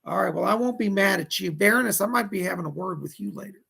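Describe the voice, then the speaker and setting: A man's voice: high-pitched, fast, vocal fry, pushed and bright, slightly rough. A man hosting a casual psychic livestream, chatty and fussy, greeting viewers and scolding a pet companion.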